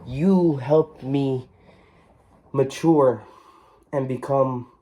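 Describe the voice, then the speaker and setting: A man's voice: medium pitch, extremely slow, warm tone. A man vlogging an emotional reflection, earnest and heartfelt, often repeating his phrases.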